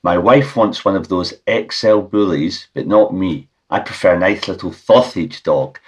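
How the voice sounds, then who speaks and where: Deadpan Scottish man, husky. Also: low voice, moderate pace. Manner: deadpan absurd rambling. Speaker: podcast host. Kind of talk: absurdist comedy monologue.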